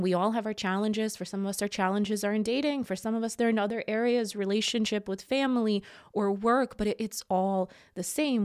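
A woman guest coach on a podcast, explaining her ideas in calm, measured, reflective talk. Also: mid-range voice, dry recording, studio quality.

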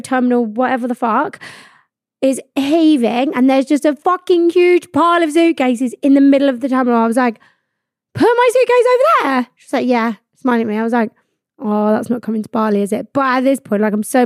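A woman's voice: fairly high pitch, fairly quick, dry recording, studio quality. Swearing young woman telling a story. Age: 20s. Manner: animated, swears freely, acts out quoted exchanges. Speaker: podcast host. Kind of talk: solo storytelling chat. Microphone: studio podcast mic.

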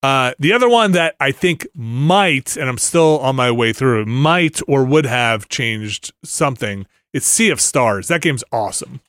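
A middle-aged man rambling through a casual podcast chat, full of restarts and filler words. His voice sits at a middle pitch and is recorded dry and close, with no room sound. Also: animated, a little slow, hardly any pauses, a bit bright, no room sound. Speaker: podcast co-host. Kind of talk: casual chat about video games.

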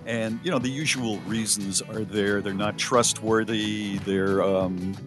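A middle-aged man co-hosting a casual radio show, telling stories with lively jokes. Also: on the low side, slow pace, over music. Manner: animated, storytelling, mock voices for jokes. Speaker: co-host.

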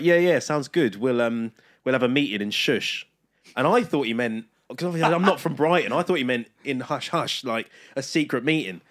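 Young man, lively defensive banter. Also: mid-range voice. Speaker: podcast co-host. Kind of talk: casual chat.

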